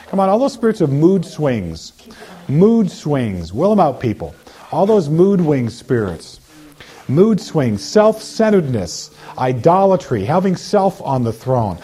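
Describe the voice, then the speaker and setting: A man's voice: on the high side, sing-song, measured pace, mellow. A man leading a deliverance prayer, commanding spirits to come out and mimicking the voices of sinners in between. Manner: commanding, repetitive, slips into mocking voices of sinners. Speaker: deliverance minister.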